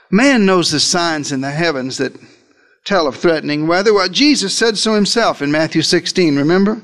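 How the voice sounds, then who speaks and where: A man preaching a sermon, retelling a story in the first person with dramatic swings between loud emphasis and quiet asides. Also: high voice. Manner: dramatic storytelling, speaking as a disciple.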